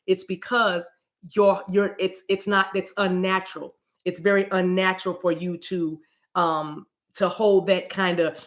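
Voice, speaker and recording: A spiritual card reader talks through a casual message at a mid pitch. The delivery wanders, with words repeated and sentences restarted, and scripture quoted loosely. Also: fairly even intonation, normal speed, a bit bright.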